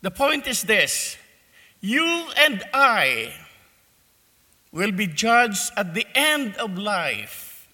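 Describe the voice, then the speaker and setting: A man preaching a sermon, telling a parable in a slow, deliberate way in a church. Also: high-pitched, sing-song, pushed and bright, long reverb tail.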